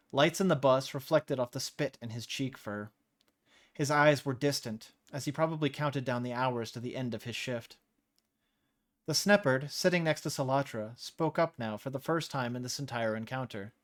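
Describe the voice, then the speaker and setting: A man's voice: medium pitch, normal speed. A man hosting a live-streamed story reading, narrating casually and laughing off his slips.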